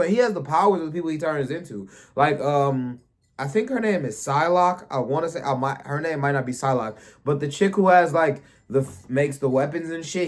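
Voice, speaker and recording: Slangy man recapping a show. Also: fairly high pitch. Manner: crude, slangy, rambling storytelling. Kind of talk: casual episode recap.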